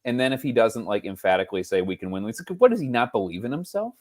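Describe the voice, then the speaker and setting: A man's voice: mid-range voice, sing-song, quick pace, a little mellow. A man co-hosting a casual football podcast, rambling through stories and mimicking other people. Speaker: podcast co-host. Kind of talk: casual chat.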